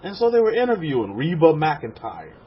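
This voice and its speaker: A man's voice: on the high side, wildly swooping pitch, a little fast. A man from Texas, a rabbi preaching a sermon to a congregation in a room, repeating words and acting out quotes. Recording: dull lo-fi sermon recording with faint noise.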